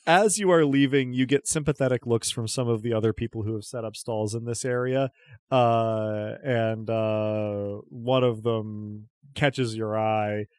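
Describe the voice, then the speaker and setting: A man's voice: mid-range voice, fairly even intonation, measured pace, clear, resonant tone, no room sound, studio quality. A man narrating a tabletop game as game master, chatty and often restarting his descriptions.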